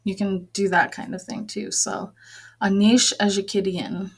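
A woman teaching a vocabulary lesson, patiently repeating each word and explaining it, with frequent pauses and fillers. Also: mid-range voice, flat delivery, breathy edge. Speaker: language teacher. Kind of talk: slow, careful vocabulary lesson with repeated words.

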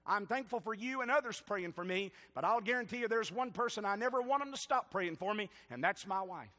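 Southern US man preaching, middle-aged, high bright voice, long church hall reverb. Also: expressive, brisk. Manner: preaches with rising, stirred-up emphasis and jokes to the congregation. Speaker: pastor. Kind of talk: sermon. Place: church sanctuary.

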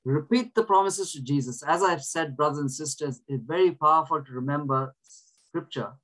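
A man's voice: a little high, normal speed, a bit bright, poor audio. A man leading a group, reading scripture and teaching in an earnest way, often restarting his words. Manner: asks listeners to repeat verses. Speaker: prayer group leader.

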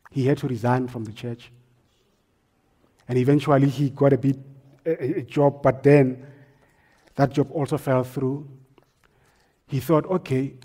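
Husky-voiced male pastor preaching. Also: mid-range voice. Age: adult, married. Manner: storytelling, swings from hushed to forceful. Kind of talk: sermon.

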